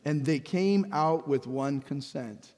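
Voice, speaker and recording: A man's voice: on the high side, slow, darkish tone. Man preaching in a reverberant hall. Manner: preaching with rising intensity, repeats words, acts out voices of people. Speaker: pastor. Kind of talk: sermon.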